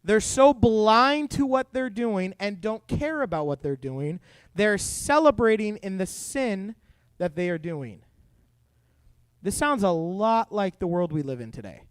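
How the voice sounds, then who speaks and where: A young man preaching a youth sermon as an animated, joking storyteller. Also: high voice, measured pace, clean tone, no echo. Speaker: youth pastor.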